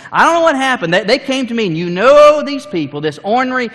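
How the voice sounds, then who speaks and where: Man playing a flustered older man, pleading excuses, swings from hushed to loud and high, long reverb. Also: big pitch swings, fast, exaggerated voice. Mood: panicked. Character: Aaron, a flustered older man shifting blame.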